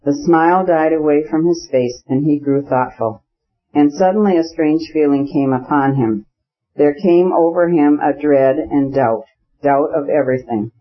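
A man's voice: a little high, normal speed. Man narrating a classic novel. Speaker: audiobook narrator. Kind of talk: scripted narration. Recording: slightly muffled audio.

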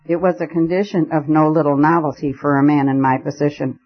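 A man reading a first-person novel as an audiobook narrator, measured and storytelling. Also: fairly high pitch, little pitch movement. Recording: dull lo-fi recording.

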